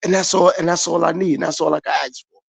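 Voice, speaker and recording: A man's voice: a little high, steady tone, fast, vocal fry, husky, no echo. A man hosting his own podcast, giving a repetitive motivational monologue straight to his viewers. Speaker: podcast host.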